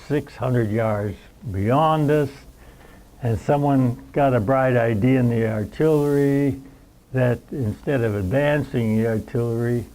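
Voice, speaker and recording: Elderly male veteran, mellow darkish tone, meandering storyteller who plays out the moments. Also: mid-range voice, poor audio. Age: 90s. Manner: rambling storyteller who acts out the scenes. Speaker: veteran recounting war memories. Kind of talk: spoken war reminiscence at a roundtable.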